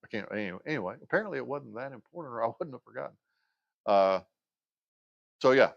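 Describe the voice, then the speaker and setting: A man's voice: medium pitch, lively intonation, fast talker, creaky, no room sound, highs cut off. Rambling middle-aged man, dry close sound. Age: 50s. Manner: rambling, loses his train of thought; hesitant, many fillers and restarts. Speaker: livestream host. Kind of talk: casual rambling chat.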